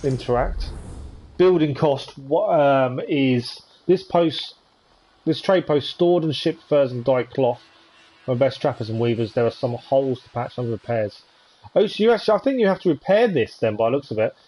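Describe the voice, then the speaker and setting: A man's voice: mid-range voice, lively intonation, moderate pace, warm tone. A man giving casual commentary on a live gameplay stream, thinking aloud as he plays. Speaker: game streamer.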